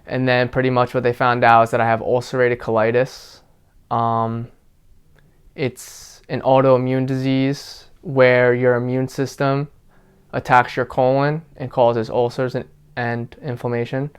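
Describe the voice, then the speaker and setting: Young man telling his story, smooth flat voice. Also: medium pitch, a little slow. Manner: relaxed, filler-heavy storytelling with frequent "like". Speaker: interviewee. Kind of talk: casual personal account.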